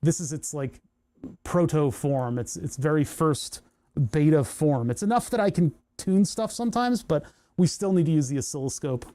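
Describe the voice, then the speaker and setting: A man's voice: on the high side, moderate pace, warm tone. A man hosting his electronics hobby channel, chatting casually at his workbench in a rambling way with sarcastic asides and many restarts. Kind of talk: casual workbench chat to camera.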